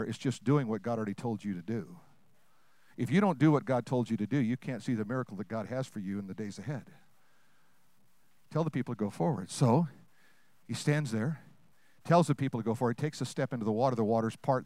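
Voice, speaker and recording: A man preaching a sermon to a congregation, asking them questions and swinging between loud, fast bursts and hushed, slow lines. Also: medium pitch, no room sound.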